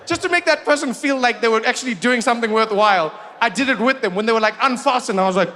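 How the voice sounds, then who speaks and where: A man from South Africa performing stand-up on a theatre stage, telling animated, conversational stories into a handheld mic. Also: very high voice, fast. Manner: animated, conversational storytelling, rising into shouts. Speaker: stand-up comedian. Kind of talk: stand-up comedy. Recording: reverberant hall with faint noise.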